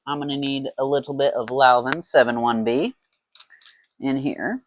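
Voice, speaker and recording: A man making mead at home muses aloud in a playful, meandering way for a laid-back brewing vlog. His medium-pitched voice is a little slow, pauses often, and sounds dry.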